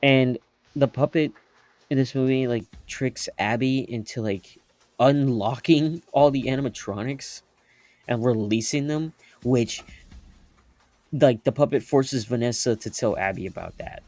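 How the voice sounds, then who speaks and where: A man's voice: medium pitch, measured pace, darkish tone, no room sound. A young man giving an unscripted movie review, rambling and incredulous, laughing often and swearing casually.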